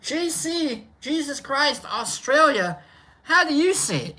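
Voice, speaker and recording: A woman's voice: sits high, very animated, slow, sharp tone. A woman hosting a casual solo stream, rambling and playful, often repeating herself. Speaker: host.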